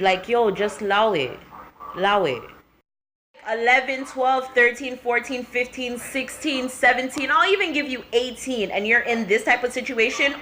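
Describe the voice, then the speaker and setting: Bright-voiced blunt young woman vlogger. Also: a little high. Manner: blunt, profane, ranting, slips into patois-style slang. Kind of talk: casual vlog and rant to camera.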